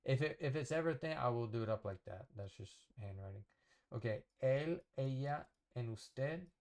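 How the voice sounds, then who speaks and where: A man teaching a casual lesson at a whiteboard, explaining slowly and patiently, often checking with "okay?". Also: medium pitch, animated, darkish tone. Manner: slow, patient explaining with fillers and repeated checks. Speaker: Spanish teacher.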